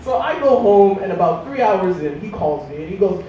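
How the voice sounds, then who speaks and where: Self-mocking young comedian in an echoey room. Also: male voice, expressive, moderate pace, few pauses, dull audio, a little hiss or hum. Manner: rambling, self-mocking storytelling with squeaky voiced asides. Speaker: stand-up comedian. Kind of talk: stand-up comedy routine. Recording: echoey room, distant mic.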